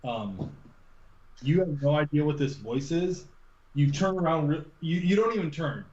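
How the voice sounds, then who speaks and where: A man narrating a tabletop game as game master, halting, with many ums and restarts. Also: on the high side, lively intonation, a little mellow, echoey room, muffled recording.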